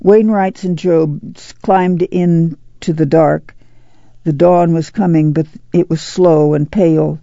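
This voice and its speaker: A narrator reading an audiobook in a steady, unhurried way. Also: medium pitch, no room sound. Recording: dull, dry lo-fi recording.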